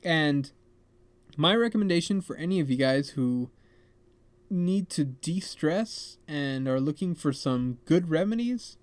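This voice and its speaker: A man's voice: a little high, a little slow, dry recording. Rambling young man telling a story. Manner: rambling, animated, filler-heavy with "like" and "man". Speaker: podcast host. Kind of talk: casual storytelling.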